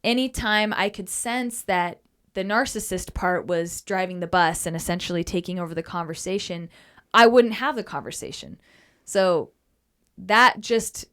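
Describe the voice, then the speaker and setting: A woman's voice: mid-range voice, fairly bright tone. A woman in casual talk about relationships who earnestly acts out the lines she quotes. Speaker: co-host.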